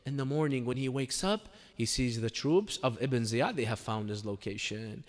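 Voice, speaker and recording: In a community religious center hall with long, echoey reverb, a religious speaker with a mid-range voice and normal pace gives a sermon to a congregation. He tells a religious story dramatically, sometimes breaking into mournful chanting.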